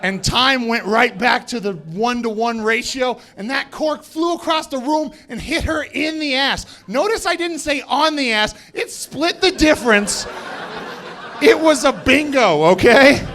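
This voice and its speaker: A male stand-up comedian from Colorado telling a story on a club stage, acting out quotes with animated bursts and shouts. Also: very high voice, measured pace. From Colorado, USA. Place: comedy club stage before a live audience.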